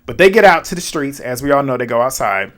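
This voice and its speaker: A man's voice: medium pitch, animated, quick pace. A man giving a casual, slangy recap of a reality show, retelling scenes in an amused way.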